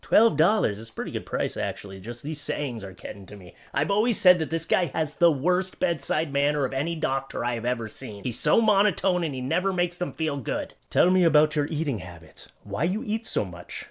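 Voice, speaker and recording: A man's voice: a little high, animated, a little fast, hardly any pauses. A man giving joking, sarcastic commentary on odd items from online listings, as the host of his comedy channel. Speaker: comedy YouTuber.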